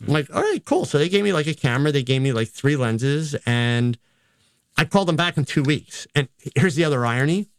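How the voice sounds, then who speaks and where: A man's voice: on the high side, fairly quick, clean tone, dry recording. An older man, a photographer and teacher, telling stories in a casual, rambling, self-deprecating way in an interview. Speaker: photographer and educator.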